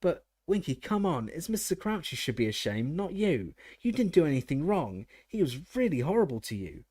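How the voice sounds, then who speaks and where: A man's voice: fairly high pitch, very animated, normal speed, dark tone, husky, voice pushed up. A man voicing a kind, principled young schoolgirl in a storybook reading, speaking earnestly. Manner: earnest, pleading.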